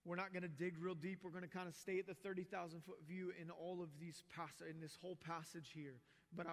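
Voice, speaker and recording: Pastor, male, high and bright, animated preacher with chatty asides, echoing sanctuary. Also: vocal fry. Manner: animated preaching that swells loud, with casual asides. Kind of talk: sermon. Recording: long reverb of a large hall.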